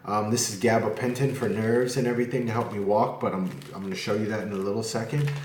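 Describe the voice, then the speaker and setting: A man's voice: fairly low pitch, fairly even intonation, fast, heavy background noise. A man vlogging casually at home, talking candidly and rambling, with occasional cursing. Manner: rambling, candid, curses freely. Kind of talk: casual vlog talk to camera. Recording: echoey room.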